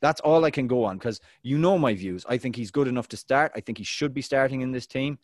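Animated man, dry close sound. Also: brisk, no room sound. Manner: animated storyteller, big pitch swings. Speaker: podcast co-host. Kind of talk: casual football chat.

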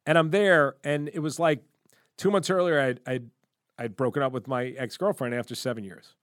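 A middle-aged man co-hosting a podcast, telling animated stories with free swearing and acting out his own lines. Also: medium pitch, normal speed, dry recording, studio quality. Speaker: podcast co-host. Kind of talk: casual storytelling chat.

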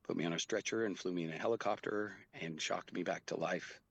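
A middle-aged man, a guest telling a personal story in an earnest, halting way. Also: low-pitched, gravelly, fairly bright tone, breathy edge. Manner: earnest, halting, with quoted dialogue.

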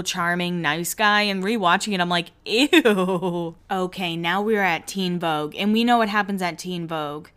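A young woman hosts a casual recap chat. Her talk is chatty and loose, full of "like", with bits of quoted lines done in quick voices. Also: on the low side, fairly bright tone, clear, resonant tone. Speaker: podcast host recapping a reality show.

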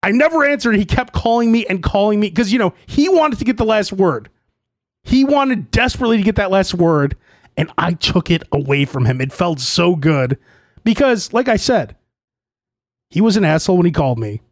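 A man's voice: high-pitched, big pitch swings, normal speed, no room sound, studio quality. A man hosting his own podcast, telling stories in a profane, playfully indignant way. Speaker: podcast host. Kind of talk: solo comedic storytelling podcast.

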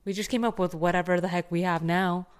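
A woman's voice: lowish voice, steady tone, quick pace, clean tone. Young woman, Valley Girl accent, playful podcast co-host. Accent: Californian Valley Girl. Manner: playful, joking, slips into giggles. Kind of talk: casual chat.

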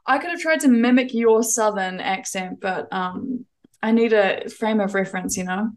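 A woman's voice: mid-range voice, moderate pace, a little mellow. A young woman with a New Zealand accent, chatting as a guest in a casual podcast interview, with plenty of fillers and restarts. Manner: chatty, self-deprecating, lots of fillers and restarts.

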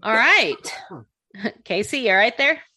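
A woman's voice: on the high side, expressive, takes it slowly, sharp tone, no echo, clean studio sound. A woman hosting a podcast in casual chat, teasing her guests and laughing often. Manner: giggly and teasing. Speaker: podcast host.

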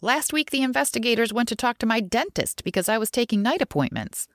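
A woman's voice: mid-range voice, expressive, dry recording, studio quality, lightly acted. A woman voicing a nervous, chatty female lab worker who gossips and snaps, in a storybook reading. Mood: indignant. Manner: jittery, gossipy, quick to snap.

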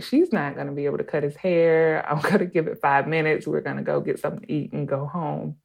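A mother telling a personal story in a casual, animated way, acting out what people said and laughing now and then. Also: deep voice. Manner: animated, acts out quotes, laughs between phrases.

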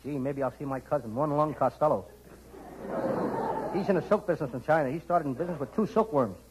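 High, excitable comedian in 1940s radio. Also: male voice, fast, a crowd in the background, noisy background. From United States. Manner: excitable, childlike, punning.

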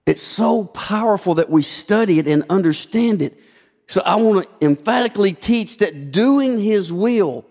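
A man's voice: sits high, lively intonation, measured pace, a little mellow. A man preaching a sermon as pastor, asking rhetorical questions and shifting his emphasis often. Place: church sanctuary. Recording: long hall reverb.

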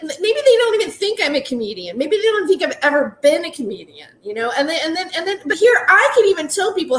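A woman in her forties with a high, fairly bright voice tells a rambling comic story in a roomy space. The casual monologue is packed with "like"s, restarts and laughing asides.

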